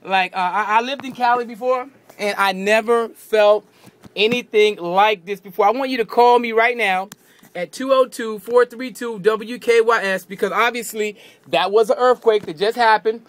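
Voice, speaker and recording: A man hosting live radio, excitedly questioning coworkers in the station. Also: high voice, moderate pace, no room sound. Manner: energetic, shouting questions at coworkers. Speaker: radio host. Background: crowd of coworkers.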